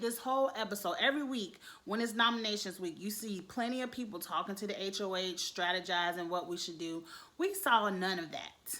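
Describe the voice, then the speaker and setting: A woman giving blunt, animated commentary on a reality show, swearing and speaking straight to her viewers. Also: on the high side, moderate pace. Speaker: youtube reality show reviewer. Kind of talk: casual commentary.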